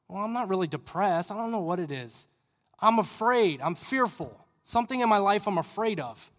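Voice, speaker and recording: A young adult man giving a conversational sermon as a youth pastor, acting out people's inner questions and dropping to quiet asides. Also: sits high. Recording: long hall reverb.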